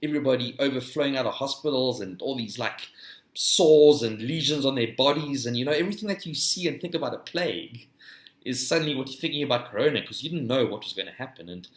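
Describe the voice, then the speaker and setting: A man's voice: medium pitch, lively intonation, quick pace, reverberant. South African man rambling on his podcast. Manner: rambling, addresses listeners as "guys", tags "eh?". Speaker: podcast host. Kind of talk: casual monologue.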